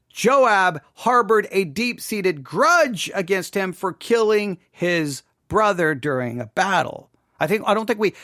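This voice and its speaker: A man's voice: high voice, fairly bright tone, no room sound, studio quality. A man commenting on a sermon he is reviewing, thinking aloud with frequent restarts and questioning himself. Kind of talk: casual commentary.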